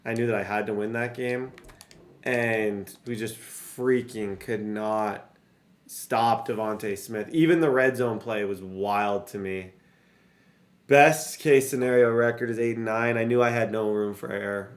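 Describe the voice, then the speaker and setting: A man's voice: on the low side, fairly even intonation, a little slow. Frustrated young man talking over gameplay. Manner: frustrated, rambling, talks straight to viewers. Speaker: gaming YouTuber. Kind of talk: casual gameplay commentary.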